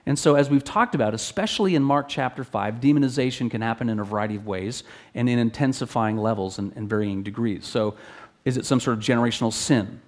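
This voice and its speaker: Talking fast, a preacher works through an expository sermon in an earnest, instructive way. He frequently starts phrases over and goes higher in pitch whenever he reads scripture aloud.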